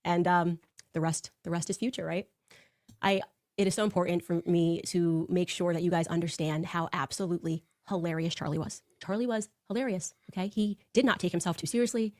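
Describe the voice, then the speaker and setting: A woman telling personal stories in a fast, animated way, acting out the quotes. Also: fairly low pitch, no echo, clean studio sound. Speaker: political commentator. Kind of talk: personal storytelling on a show.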